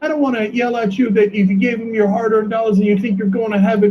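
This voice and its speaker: A man hosting a video commentary, talking in a sarcastic, mocking way and sometimes breaking into shouts. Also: high-pitched, steady tone, fast, hardly any pauses. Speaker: commentary host. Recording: dull lo-fi sound with faint noise.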